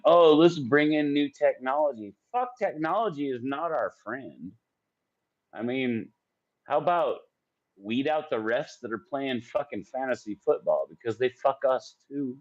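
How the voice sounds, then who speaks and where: Guy in his 40s cursing and ranting at his chat about football, mid voice, dull lo-fi stream sound. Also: medium pitch. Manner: profane, combative, ranting at chat. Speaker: sports stream host. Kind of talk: heated live-stream rant.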